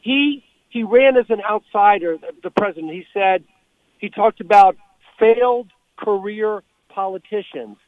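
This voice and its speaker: High-voiced man on a tinny phone line. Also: no room sound. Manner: measured, deliberate, many fillers. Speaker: political guest commentator. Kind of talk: radio call-in commentary. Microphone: telephone.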